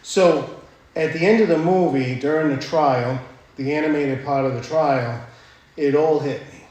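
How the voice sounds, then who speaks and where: A man's voice: on the high side, unhurried, a little mellow, dull audio. Blunt, profane man in an echoey hall. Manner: blunt, profane, storytelling with frequent "right?". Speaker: speaker sharing his recovery story. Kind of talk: personal recovery talk. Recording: very echoey room, faint ambience.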